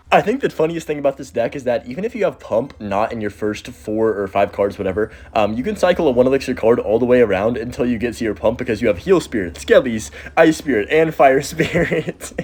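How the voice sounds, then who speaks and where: A young man giving excitable, chatty commentary over his own gameplay, talking straight to his viewers. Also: medium pitch, husky. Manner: excitable, chatty, talks to viewers as "guys" and "bro". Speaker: gaming YouTuber.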